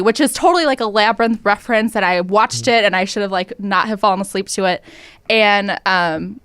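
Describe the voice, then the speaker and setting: Chatty woman guest on a podcast, clear smooth voice, dry sound. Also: medium pitch, normal speed, a bit bright, dry recording. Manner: chatty storytelling with many fillers. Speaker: guest realtor. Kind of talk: casual podcast chat.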